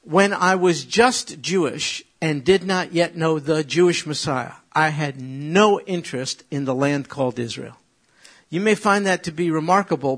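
A middle-aged man from New York with a New York accent, preaching and teaching from the Bible with animated, joking asides to his congregation. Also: on the high side. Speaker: pastor.

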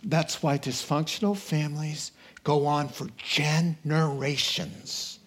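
A man preaching a sermon, animated, acting out crowd voices and rising to excited outbursts. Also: on the high side, slow pace.

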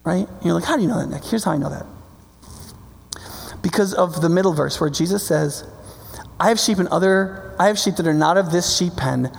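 A male pastor preaching in a loose, conversational way, tossing in quick asides to his listeners. His voice has a gravelly edge. The sound carries a long reverb, as in a large hall. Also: high voice. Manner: conversational, animated preaching with frequent "right?". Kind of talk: sermon.

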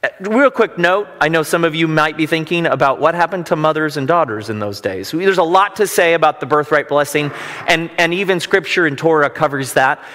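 Speaking fairly quickly in a fairly high, fairly bright voice, a pastor weaves scripture together with relaxed, self-deprecating stories. The delivery is conversational, recorded with long hall reverb.

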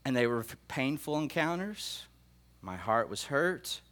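An earnest middle-aged man preaching to his congregation, his voice sitting at an ordinary middle pitch. He tells his dreams with feeling, stopping to restart and repeat phrases as the emotion catches him. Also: sing-song, unhurried, fairly bright tone. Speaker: pastor. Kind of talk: sermon sharing prophetic dreams.

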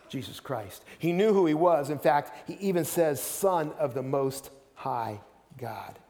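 A man's voice: mid-range voice, darkish tone, in a large hall. A man preaching a sermon as pastor, earnest, often repeating words as he starts a sentence.

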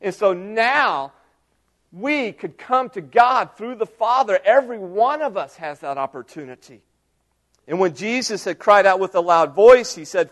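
Middle-aged guy preaching, pretty high voice, goes big and loud then drops way down to almost a whisper. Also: animated, unhurried. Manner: dramatic storytelling, swings from loud cries to hushed near-whispers. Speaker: pastor. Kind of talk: sermon.

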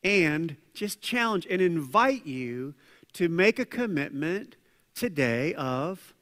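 A man preaching a conversational sermon as pastor, acting out quoted voices with lively asides. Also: on the high side, takes it slowly. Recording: long hall reverb.

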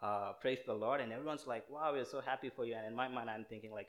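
A man's voice: medium pitch, fairly even intonation, quick pace. A young man from India, preaching a casual, earnest sermon full of fillers and restarts. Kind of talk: conversational sermon.

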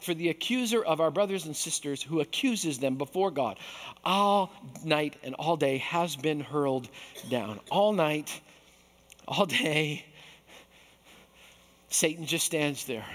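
A man preaching as pastor, animated and acting out voices from the story. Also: a little high, slow, long pauses, long reverb tail. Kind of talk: sermon.

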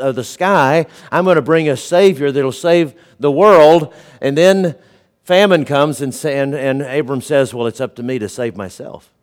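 A man preaching a sermon as a pastor, earnest and storytelling, often dropping to a quiet, low voice.

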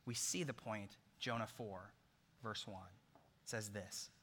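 Animated preacher with a forceful voice. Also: male voice, fairly low pitch, takes it slowly, breathy edge. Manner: animated, jokey storytelling. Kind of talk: sermon. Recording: long hall reverb.

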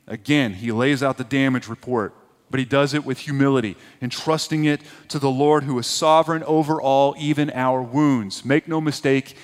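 A man preaching a sermon as a pastor, swinging between loud emphatic peaks and hushed, low passages. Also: fairly even intonation, normal speed. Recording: long hall reverb.

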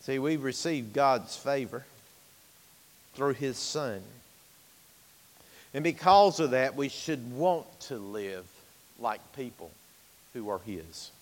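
A man preaching a sermon as pastor, emphatic, swinging from loud to hushed, in a church sanctuary. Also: mid-range voice, lively intonation, slow, pauses often, long reverb tail.

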